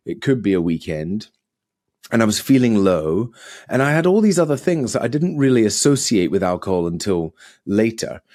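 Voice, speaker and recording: This is a man guesting on a podcast, recounting his past with animated energy. His voice sits low, and he stumbles through fillers and restarts as he talks. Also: dry recording, studio quality. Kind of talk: casual storytelling.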